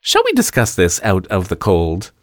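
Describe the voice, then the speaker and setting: A man's voice: low voice, huge pitch swings, normal speed, dry recording, clean studio sound, voice pushed up. A man voicing a middle-aged carnival showman with grand, theatrical sales patter. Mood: eager.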